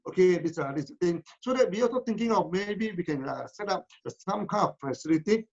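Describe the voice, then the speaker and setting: A man's voice: high-pitched, lively intonation, brisk, a little mellow, muffled recording. A man with a Malaysian English accent answers questions in a live online session, rambling and repeating words with many "uh" and "no?" tags. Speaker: company founder answering questions.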